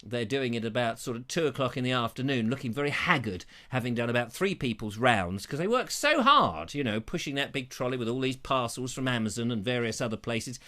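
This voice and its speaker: Male live-show host, bright tone, theatrical rambling comic delivery. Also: animated, brisk, few pauses. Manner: jokey, rambling, theatrical pitch swings. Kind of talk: live show chat, reading viewer comments. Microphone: lapel mic.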